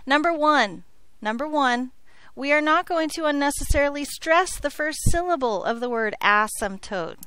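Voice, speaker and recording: High-voiced playful algebra teacher. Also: female voice, normal speed, fairly bright tone, dry recording. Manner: playful, jokey, checks in with frequent "okay?". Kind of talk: classroom lecture. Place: classroom.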